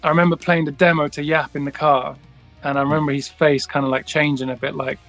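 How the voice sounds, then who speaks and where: A man's voice: a little high, little pitch movement, fast, a bit bright, faint music behind. A man, a guest musician, telling a long story in a casual interview, rambling with many restarts and acting out the dialogue.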